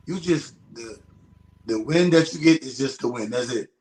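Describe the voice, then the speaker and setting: A man's voice: mid-range voice, brisk. A man, a retired professional boxer, talking bluntly and casually as an interview guest, with frequent swearing. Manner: blunt, profane, emphatic. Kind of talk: casual conversation. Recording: echoey room.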